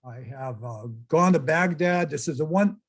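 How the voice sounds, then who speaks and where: A man's voice: fairly high pitch, animated, normal speed, husky. An older man giving a casual, chatty slideshow talk and exclaiming to his audience as presenter. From United States.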